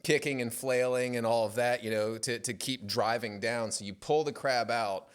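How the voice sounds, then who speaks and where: Animated, playful male storyteller. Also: mid-range voice, moderate pace, smooth. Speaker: podcast guest, yacht club commodore. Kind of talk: casual storytelling interview.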